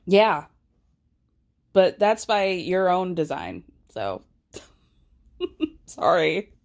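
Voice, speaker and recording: Outdoors in a city with passersby looking on, a woman podcast host recaps a reality show in a casual chat. Her voice is fairly low and gravelly, extremely slow yet very animated, and she laughs often, stays sarcastic, and performs quotes.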